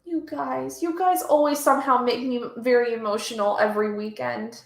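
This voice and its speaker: A woman's voice: on the high side, fairly even intonation, normal speed, gravelly, hardly any pauses. Chatty woman streamer in an echoey room. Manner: chatty, emotional, reads chat aloud. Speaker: livestream host. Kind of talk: casual chat with live chat.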